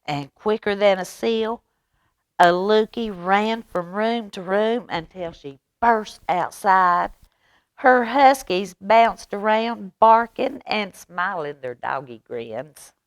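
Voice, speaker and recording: A woman librarian reading a children's picture book aloud, expressive and gentle, with a Southern US accent. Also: medium pitch, slow, no echo. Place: public library.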